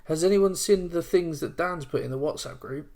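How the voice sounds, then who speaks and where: A man's voice: fairly high pitch, normal speed, a little mellow. A young man in his twenties co-hosting a casual gaming podcast, chatting loosely and stumbling a little when he reads aloud. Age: 20s. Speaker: podcast co-host. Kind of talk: casual chat.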